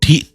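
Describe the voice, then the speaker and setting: A man playing a tough young male street vigilante with a Jamaican patois accent, talking haltingly and restarting words. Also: fairly low pitch, creaky, heavy background noise, heavily acted. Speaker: roleplay character. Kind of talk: in-character roleplay chat.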